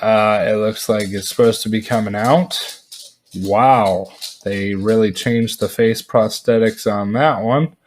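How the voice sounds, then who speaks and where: A man's voice: on the low side, steady tone, takes it slowly. A man giving a casual, rambling movie review full of fillers and asides. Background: dogs at home.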